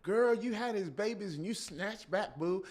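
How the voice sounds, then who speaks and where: A man's voice: animated, darkish tone. A man voicing a sassy, gossiping woman friend from church. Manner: sassy, drawn-out, high-pitched.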